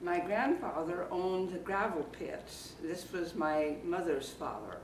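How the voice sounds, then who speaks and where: An Iowa woman in her eighties, once a circus performer, reminisces slowly and haltingly with fillers during an oral history interview in a library community room. Her voice is fairly low yet animated, picked up by a distant mic in a roomy space with faint background noise.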